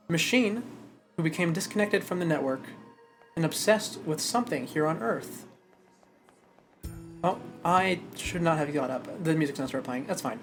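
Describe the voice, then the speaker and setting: A male streamer who reads a story aloud and then chats about it in an animated way, now and then stumbling over his words. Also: on the high side. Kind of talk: live stream chat and story reading.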